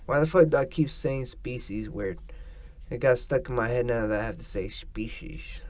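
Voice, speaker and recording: A man's voice: mid-range voice, moderate pace, darkish tone. A man hosting a casual solo podcast, rambling and swearing as he drifts between thoughts. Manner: rambling, profane, meandering. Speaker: podcast host.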